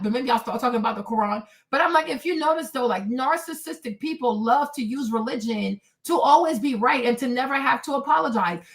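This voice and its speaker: Hosting her livestream, a forties-aged woman with a high voice delivers an unscripted, candid rant that is emphatic and animated. Her volume jumps between shouts and hushed asides.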